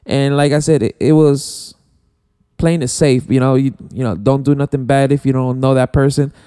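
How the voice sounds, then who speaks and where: A man, a guest DJ, chatting casually and haltingly, with many restarts and "you know". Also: medium pitch, steady tone, warm tone, smooth. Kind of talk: casual studio chat. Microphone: studio mic.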